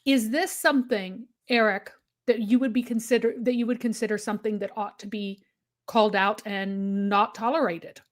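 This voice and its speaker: A woman's voice: medium pitch, fairly even intonation, normal speed. A woman commenting on a livestream discussion, emphatic, listing her points one after another. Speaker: guest commentator.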